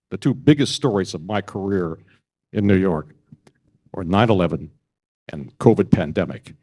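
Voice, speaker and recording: An older man and broadcast journalist telling stories at a press club event, halting often and restarting his sentences. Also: fairly low pitch, darkish tone. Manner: halting, with many restarts and fillers.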